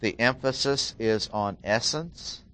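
A middle-aged man delivers expository Bible teaching at an unhurried pace. He builds his points by repeating phrases and leaning hard on single words. His voice sits at an ordinary mid pitch. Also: a bit bright. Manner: deliberate, repeats key phrases with emphasis. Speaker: preacher.

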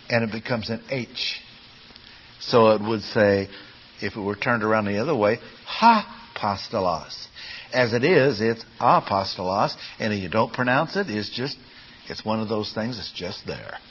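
A man teaches a classroom lecture on Bible Greek, explaining patiently step by step and posing questions to his listeners. His voice is fairly low and a bit bright, with the highs cut off and slight background noise.

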